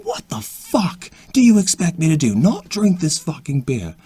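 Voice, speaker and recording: A man with a husky voice playing a quick-tempered, foul-mouthed crewmate in an amateur audio drama. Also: on the high side, huge pitch swings, dark tone, voice pushed up, full character voice. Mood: defensive. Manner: swears constantly, quick-tempered.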